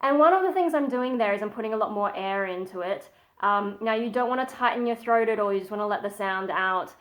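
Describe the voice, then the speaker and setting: A woman's voice: medium pitch, a little fast, a bit bright. A woman at home giving a casual metal vocal tutorial, chatty and modest, stopping often to show the sounds she means. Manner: chatty and modest, breaks off to demonstrate sighs and growls.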